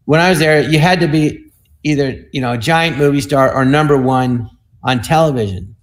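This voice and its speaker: A man in his sixties, a comedian and guest, telling stories in an animated way and acting out quoted voices over a video call. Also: a little high, normal speed. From United States. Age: 60s. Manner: acts out quoted voices, with repeated "I go" and "he goes". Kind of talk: animated anecdotal storytelling.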